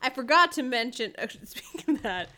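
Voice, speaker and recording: A woman's voice: sits high, big pitch swings, fairly quick, pushed and bright. A woman co-hosting a podcast in casual chat, who cuts in with blunt, joking remarks. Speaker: podcast co-host.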